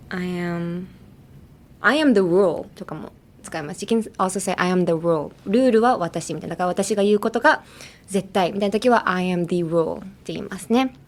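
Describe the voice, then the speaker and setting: Chatty bilingual woman teaching English. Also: medium pitch. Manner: chatty, laughs often, slips between English and Japanese. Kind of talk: bilingual casual lesson.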